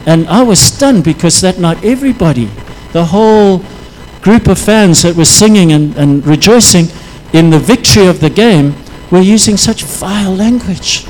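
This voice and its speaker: A man preaching a sermon, impassioned, his voice rising into loud prayerful pleas. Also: sits high, expressive, moderate pace, a little hiss or hum, poor audio.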